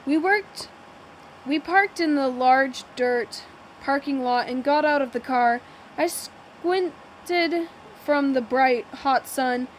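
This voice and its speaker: A woman's voice: sits high, takes it slowly, slight background noise, poor audio. A woman reading a first-person novel aloud, often stumbling and restarting words. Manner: plain reading with frequent slips and restarts. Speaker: audiobook narrator.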